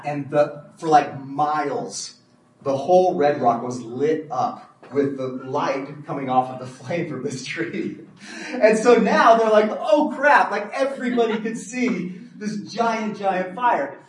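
A man telling a story to an audience in an animated way, acting out quotes and chuckling as he speaks. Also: a little high, a little hiss or hum. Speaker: speaker at a homeschool community event. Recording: roomy, distant mic, faint ambience.

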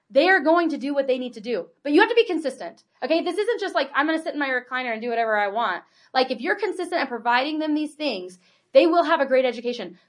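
A woman's voice: high voice, a bit bright. A woman in her forties giving a workshop talk to an audience on homeschooling, chatty and full of "like", "right?" and "okay?". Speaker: homeschool presenter.

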